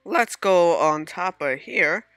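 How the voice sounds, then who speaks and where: A man talks through his gameplay in a bright, tense voice, recorded dry and up close. He mutters to himself and breaks into sudden startled outbursts. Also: high voice, slow pace, dry recording, soft background music. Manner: excitable self-talk with sudden startled outbursts. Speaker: gaming channel host. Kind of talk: casual gameplay commentary.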